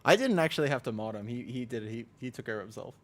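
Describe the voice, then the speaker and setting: A man's voice: medium pitch, expressive, rapid-fire. A man streaming a game, chatting casually in a rambling, self-mocking way, with many restarts and laughs. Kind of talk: casual live-stream chat while gaming.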